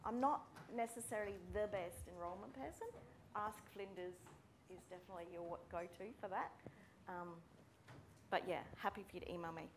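Brisk woman lecturer. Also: mid-range voice, slight background noise. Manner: friendly, brisk, calling out names. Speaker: speech pathology lecturer. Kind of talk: welcome session talk to students. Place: university room with students.

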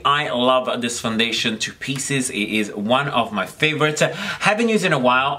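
Bright-voiced chatty man vlogging makeup. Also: mid-range voice. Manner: chatty and giggly, rambling with many fillers. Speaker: makeup vlogger, channel host. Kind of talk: casual chat to camera.

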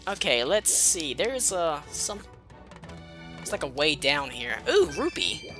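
A woman's voice: low-pitched, big pitch swings, takes it slowly, music in the background. A woman giving casual, profane gameplay commentary, muttering and sarcastic as she plays. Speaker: let's play host.

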